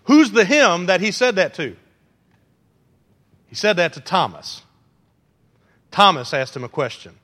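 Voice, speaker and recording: Guy preaching, high bright voice, lively and jokey, big echoey church. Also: normal speed. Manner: animated, acts out quotes, jokes with the congregation. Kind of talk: sermon. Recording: long hall reverb.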